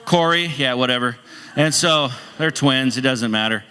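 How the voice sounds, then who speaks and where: Middle-aged guy pastor preaching casual, bright forceful voice, rambly and jokey, big echoey church hall. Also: medium pitch, normal speed, smooth. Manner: conversational and rambling, with frequent restarts and humorous asides. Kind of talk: casual sermon. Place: church sanctuary. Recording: long hall reverb in a church.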